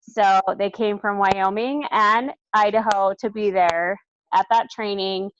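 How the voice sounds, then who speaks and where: A tired woman chatting quickly on a team video call, self-deprecating and casual. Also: medium pitch, fairly even intonation, slight background noise. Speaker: team member giving shout outs. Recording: dry, dull video call audio.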